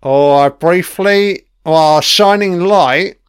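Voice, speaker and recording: A man's voice: on the high side, takes it slowly, smooth, dry recording, clean studio sound. A man giving a casual commentary on a TV episode, chatty and swearing freely, laughing along as he watches.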